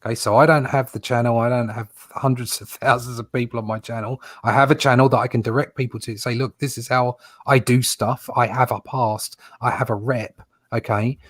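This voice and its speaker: A man's voice: medium pitch, steady tone, brisk, few pauses, fairly bright tone, no room sound. Rambling man co-hosting, dry sound. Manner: rambling, repeats words, says okay. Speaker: co-host. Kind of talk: casual podcast discussion.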